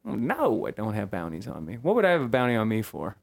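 A man hosting a comedy podcast sketch, animated and quick to shout in high, startled bursts. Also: creaky. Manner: animated, jumps into high-pitched exclamations. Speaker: podcast host.

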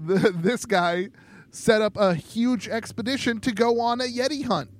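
A young adult podcast co-host rambles through a casual chat with lots of ums and laid-back jokes. His voice sits high and moves at a measured pace.

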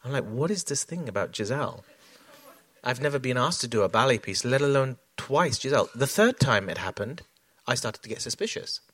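A man talking about his creative process in a reflective, halting way. His voice sits at an everyday middle pitch. The sound is close and dry. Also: animated, fairly bright tone, breathy edge, dry recording. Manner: reflective, many fillers and restarts. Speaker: choreographer guest. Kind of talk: onstage conversation.

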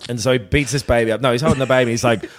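A man's voice: mid-range voice, steady tone, very fast. A man, chatting casually and joking while recapping a TV episode, swearing freely. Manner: jokey, slips into goofy character voices, swears freely. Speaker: podcast co-host recapping a show. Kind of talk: casual comedic chat.

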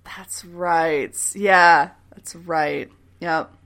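A woman chatting casually as a co-host, recapping a TV episode with lively retellings and some swearing. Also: sits low, drawn-out words, smooth. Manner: animated retelling with acted quotes and laughs; frequent swearing. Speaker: podcast co-host.

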